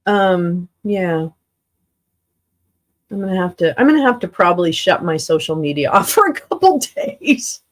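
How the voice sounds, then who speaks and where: A tired woman hosts a livestream, chatting casually with her viewers in a rambling way, swearing and laughing often. Her voice sits on the low side and has a sing-song lilt, moving at a slightly slow pace.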